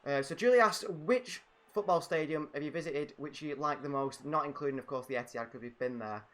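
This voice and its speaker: A man's voice: fairly high pitch, a little fast, a bit bright, faint music behind. A man co-hosting a casual fan Q&A, chatty as he reads out viewer questions while playing a game. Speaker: channel co-host. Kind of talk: casual Q&A chat while gaming.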